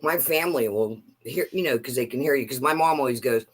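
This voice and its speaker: Lively man telling animated stories. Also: a little high, moderate pace, slightly rough. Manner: animated storyteller, acts out quotes. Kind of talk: casual chat.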